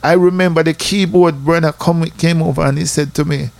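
A man with a Jamaican accent telling a personal church testimony in a lively storytelling way, slipping into patois. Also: a little high, fairly quick, gravelly, dry recording. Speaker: church member giving testimony.

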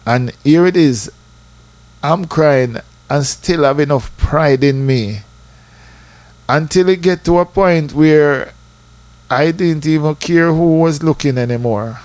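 A man with a Jamaican accent telling a personal church testimony in a lively storytelling way, slipping into patois. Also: a little high, slow, no room sound. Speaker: church member giving testimony.

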